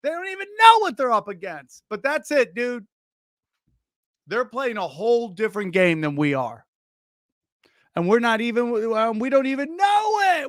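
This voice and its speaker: A man with a notably high voice rants through a casual comedy commentary, excitable and loose with his swearing. He keeps breaking off mid-thought to scold a barking dog. The sound is dry and close, with no room around it. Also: moderate pace, no echo. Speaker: podcast host reacting to videos.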